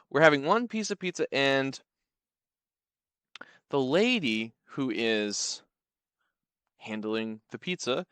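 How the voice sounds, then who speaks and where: A man telling a comedic personal story in an animated, sarcastic, playful way. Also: medium pitch, no room sound.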